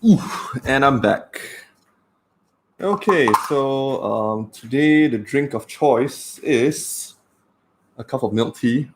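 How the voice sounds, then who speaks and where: A man's voice: medium pitch, lively intonation, slow, a little hiss or hum. A man, a doctor chatting casually on a livestream with lots of fillers. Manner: chatty and rambling, with many fillers.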